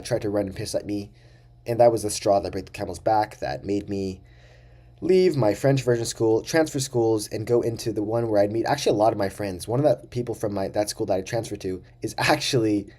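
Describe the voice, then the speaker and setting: A young man with a fairly low, dark, mellow voice tells a story straight to camera. He rambles, swears freely and exaggerates for comic effect in a loose vlog style. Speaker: vlogger.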